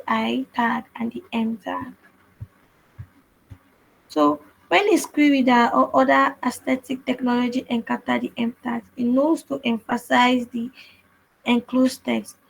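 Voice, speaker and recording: Breathy higher-voiced woman teaching code. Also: rough recording. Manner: patient, repetitive explaining with frequent restarts. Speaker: web development instructor. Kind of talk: screen-share coding tutorial.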